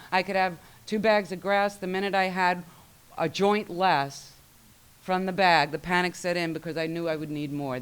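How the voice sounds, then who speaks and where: A woman's voice: on the low side, smooth. A woman speaking at a recovery meeting, sharing her personal story in a wry, self-mocking way and acting out what her family said.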